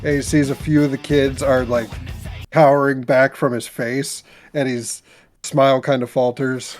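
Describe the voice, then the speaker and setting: A man's voice: medium pitch, little pitch movement, moderate pace. Male player narrating, faint music behind. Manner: loose, storytelling with "like". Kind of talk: narrating his character in a tabletop game.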